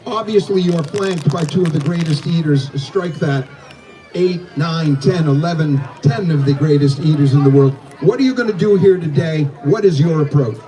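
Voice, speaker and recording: A man emceeing a live eating contest, with theatrical, hyped commentary and countdowns that he shouts out. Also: on the high side, moderate pace. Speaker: contest announcer. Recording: distant outdoor PA with crowd and music.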